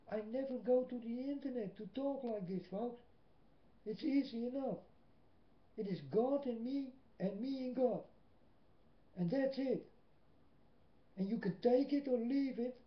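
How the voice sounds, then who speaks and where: A man with a Dutch accent, a native Dutch speaker, gives a slow, emphatic religious monologue into a webcam, with long pauses between phrases. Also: very high-pitched. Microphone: built-in webcam mic. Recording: echoey room, dull lo-fi webcam audio.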